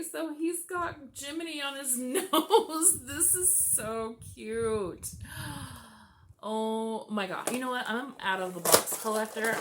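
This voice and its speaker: Female vlogger, gushing unboxing chat, unhurried, noisy room. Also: a little high. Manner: gushing, gasping and laughing often. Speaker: vlogger opening gifts.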